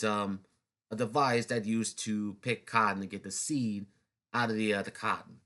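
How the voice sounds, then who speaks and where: Man, casual history narration, mid-pitched voice, restarts, wry asides. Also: fairly bright tone. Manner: loose and chatty, with many restarts and snarky asides. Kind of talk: casual unscripted history talk.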